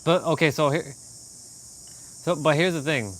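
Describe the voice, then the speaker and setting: A man from Canada chatting casually on a live stream, rambling and animated, laughing often as he talks to viewers. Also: a little high, takes it slowly.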